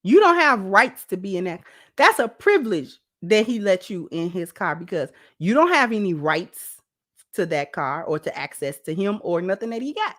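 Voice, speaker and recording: A woman's voice: medium pitch, big pitch swings, normal speed, a bit bright. A woman host giving sassy, emphatic reaction commentary on a dating clip and talking straight to her viewers.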